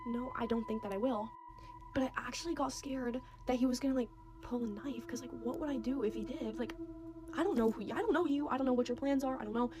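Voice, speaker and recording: Young woman, casual storytime, slightly high-pitched, animated retelling. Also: fast. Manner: animated, quotes others' voices, many "like"s.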